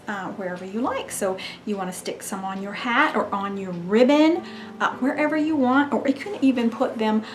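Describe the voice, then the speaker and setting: A woman hosting a crafts tutorial, talking in a chatty, gushing way as she demonstrates. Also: mid-range voice. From Mississippi, US. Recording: roomy echo with background music.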